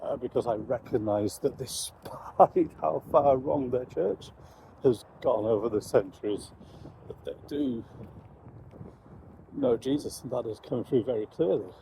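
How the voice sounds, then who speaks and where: A man, a Christian commentator, giving measured, reflective commentary on current events. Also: medium pitch, vocal fry, warm tone, slight background noise, rough recording.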